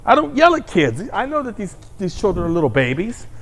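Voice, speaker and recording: A man voicing a soft-spoken, exasperated woman schoolteacher who pleads her case. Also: high-pitched, wildly swooping pitch, brisk, exaggerated voice. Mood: defensive. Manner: pleading, defensive.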